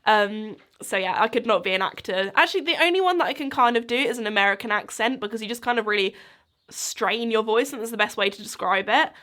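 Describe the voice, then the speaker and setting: Bright-voiced chatty young woman. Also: a little high, fast talker. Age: 20s. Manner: chatty, rambling, full of likes and ums. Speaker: podcast host. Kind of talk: casual solo chat.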